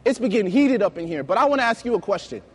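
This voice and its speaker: A man preaching a sermon, telling lively personal stories and acting out the dialogue. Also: high voice, very fast, breathy edge. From United States. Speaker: youth preacher.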